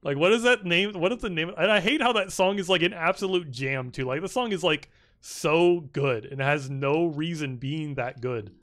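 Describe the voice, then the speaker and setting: A young man streaming a video game and commenting casually, excitable and rambling, swearing often and filling his speech with "like". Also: a little high, moderate pace.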